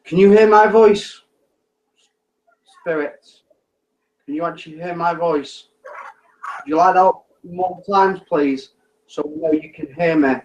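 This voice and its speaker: A man's voice: on the high side, fairly even intonation, unhurried, pauses often, darkish tone, dull audio. A man on a ghost hunt, calling out to spirits with patient, repetitive requests. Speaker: ghost hunter.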